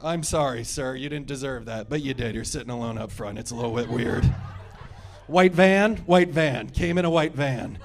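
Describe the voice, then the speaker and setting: A man's voice: mid-range voice, brisk, few pauses, noisy background. A man in his thirties doing a stand-up comedy set, with crude, sarcastic crowd work. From United States. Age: 30s.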